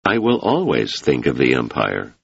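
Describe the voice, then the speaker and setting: A man's voice: a bass voice, wildly swooping pitch, moderate pace, creaky, slightly rough, no room sound, highs cut off, heavily acted. A man reading the part of a cautious, reluctant male scholar who talks in a guarded, dry way.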